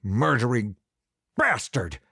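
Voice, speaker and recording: A man voicing a furious, grieving father who shouts in raw desperation in a storybook reading. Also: medium pitch, big pitch swings, slow, creaky, breathy edge, no room sound, clean studio sound, heavily acted. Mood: bitter.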